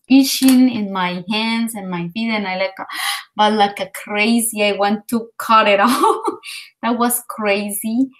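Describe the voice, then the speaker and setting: A woman from Colombia whose English carries a Colombian Spanish accent. She chats through a vivid story, piling on fillers as she goes. Her speaking voice sits at an ordinary mid pitch. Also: poor audio. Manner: animated storytelling with many fillers. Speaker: language learner. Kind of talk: casual conversation practice.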